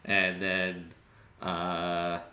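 A man with a low but bright, forceful voice retells movie plots in a rambling, profane, deadpan way, popping in quick voiced asides. He co-hosts a casual podcast. The recording has a roomy echo. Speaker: podcast co-host. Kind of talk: casual movie recap chat.

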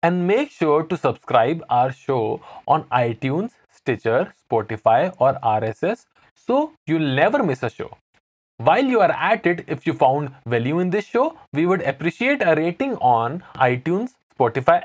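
A podcast co-host reading a script in an expressive, lively way. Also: medium pitch, moderate pace. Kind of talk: scripted educational podcast narration.

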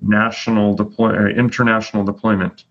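A man's voice: fairly low pitch, level tone, a little fast, a bit bright. A man hosting a casual chat, chatty and full of fillers as he announces rankings. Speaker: host. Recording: dull lo-fi audio.

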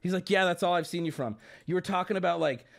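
A young adult man telling a rambling story to his stream chat, animated and swearing, jumping between high exclamations and low mumbles. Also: quick pace, gravelly.

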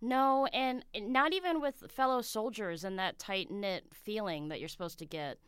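A woman's voice: medium pitch, moderate pace, a bit bright, clear, resonant tone, no room sound, studio quality. A woman co-hosting a casual film review, frank and conversational.

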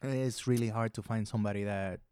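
A young man co-hosting a casual podcast chat, emphatic and quick to chime in with his view. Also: on the low side, steady tone, dark tone, clear, resonant tone, dry recording, clean studio sound. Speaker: podcast co-host.

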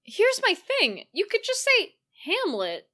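A woman co-hosting a podcast, excitedly recapping a film in casual chat, laughing often. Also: very high-pitched, slow. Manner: excitable, laughing, animated retelling. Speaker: podcast co-host.

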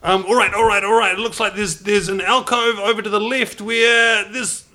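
A man voicing a flustered, excitable young man who keeps repeating himself as he leads a group. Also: moderate pace. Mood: panicky. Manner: jittery, repeating himself, pitch climbing.

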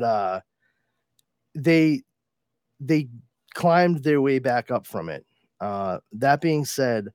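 A man's voice: mid-range voice, darkish tone, no echo. A man hosting a podcast in casual chat, rambling, profane and laughing often. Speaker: podcast host.

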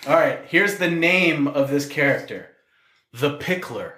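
A man's voice: a little high, expressive, a little slow, sharp tone, reverberant. A man hosting a casual podcast, running a quiz game in a playful, joking way. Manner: playful, laughing at his own ideas. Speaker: podcast host.

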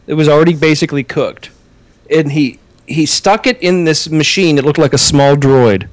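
High-voiced rambling storyteller man. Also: moderate pace, no echo. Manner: rambling storyteller, frequent swearing. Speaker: podcast co-host. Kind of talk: casual podcast chat.

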